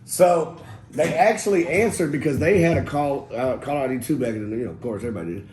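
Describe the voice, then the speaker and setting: A man telling casual stories as an interview guest, profane and animated, acting out what people said. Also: medium pitch, fast talker. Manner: profane, animated, acts out quotes. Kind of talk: casual storytelling. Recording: echoey room with faint noise.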